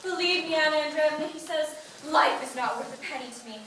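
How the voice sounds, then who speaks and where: Girl doing a vain show-off mayor's wife, super high and bright, echoey hall far from the mic. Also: fairly quick, slight background noise. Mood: gushing. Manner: gushing, bossy, quoting others dramatically. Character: vain boastful mayor's wife, middle-aged. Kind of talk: amateur school stage acting.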